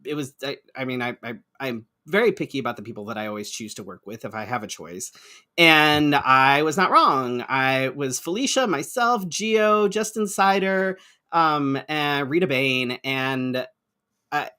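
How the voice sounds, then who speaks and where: A man's voice: mid-range voice, lively intonation, unhurried, pushed and bright, smooth. A man co-hosting a podcast, chatting casually with frequent restarts and casual swearing. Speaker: co-host. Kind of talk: casual chat.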